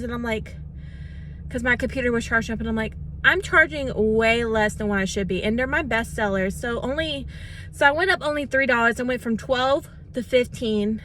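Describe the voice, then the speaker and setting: Woman vlogger, high bright voice, emotional and teary, phone mic, faint vehicle hum. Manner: emotional, near tears, excited. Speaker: craft shop owner vlogging. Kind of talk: casual vlog chat.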